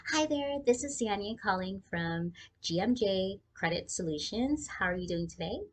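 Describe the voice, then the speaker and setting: A woman's voice: mid-range voice, animated, normal speed, natural voice. A woman putting on a chirpy Valley girl phone rep. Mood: cheery.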